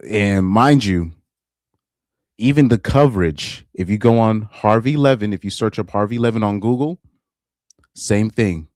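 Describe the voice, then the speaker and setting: A man's voice: lowish voice, darkish tone, dry recording, studio quality. A man casually commenting on a live stream, rambling and repeating himself. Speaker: live streamer reacting to videos.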